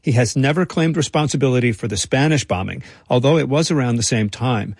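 Husky-voiced radio reporter man. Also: mid-range voice, a little fast, dry recording. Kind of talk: scripted narration.

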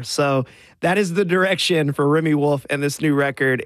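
A man's voice: on the high side, fairly even intonation, normal speed, no echo, clean studio sound. A man from Alabama with a Southern accent, hosting a music show on the radio in a friendly, conversational way. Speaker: radio host.

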